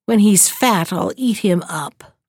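A woman's voice: medium pitch, takes it slowly, a little mellow, husky, dry recording, clean studio sound. A woman reading as a jeering wicked old witch. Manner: jeering, scolding.

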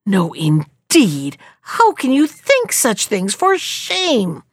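A woman's voice: fairly high pitch, slow pace, no room sound, clean studio sound, heavily acted. A woman voicing a foolish, impatient old peasant wife who scolds her husband. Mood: scolding. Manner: sharp, scolding, easily excited.

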